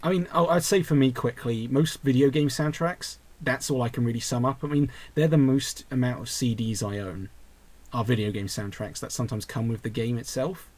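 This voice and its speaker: A young man with a voice of middling pitch hosts a loose, casual podcast over a voice call. He reads out listener questions and rambles through his answers, often stopping and restarting mid-thought. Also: moderate pace, a little mellow.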